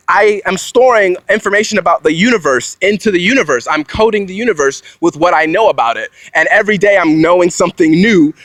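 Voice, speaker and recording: A young man with a voice a touch higher than most rambles through a monologue. He jumps from one grand claim to the next and mocks himself as he goes, talking into a phone. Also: a bit bright, no room sound, low-quality recording. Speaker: vlogger.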